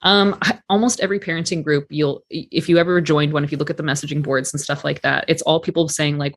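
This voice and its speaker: A man's voice: a little high, fairly even intonation, fast talker, few pauses, a bit bright. A man guest on a podcast, speaking candidly and reflectively in casual conversation, with some swearing. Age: adult parent.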